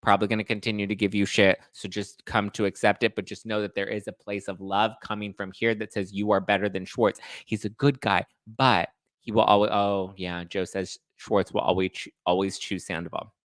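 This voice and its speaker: Man, lowish voice, sassy gossip recap, dry close sound. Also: flat delivery, fairly quick, no echo. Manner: chatty, sassy, acts out cast members in quotes. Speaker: podcast host recapping reality TV.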